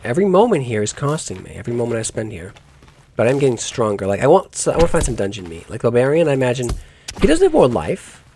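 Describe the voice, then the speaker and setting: A man's voice: medium pitch, big pitch swings, fast talker, darkish tone, a little hiss or hum. A man giving let's play commentary on a game, musing aloud in rambling asides and correcting himself as he goes. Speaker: gaming YouTuber.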